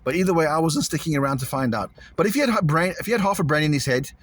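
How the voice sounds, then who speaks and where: Fast-talking uneasy rambling man. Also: on the high side, lively intonation, fairly bright tone. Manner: rambling, repeats himself, uneasy. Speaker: vlogger. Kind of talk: casual to-camera vlog.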